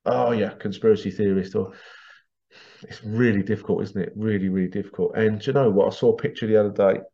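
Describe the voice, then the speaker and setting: A man's voice: fairly low pitch, fairly even intonation, fast talker, warm tone, highs cut off. A man hosting a podcast monologue, ranting in an indignant, sarcastic way and swearing casually. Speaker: podcast host.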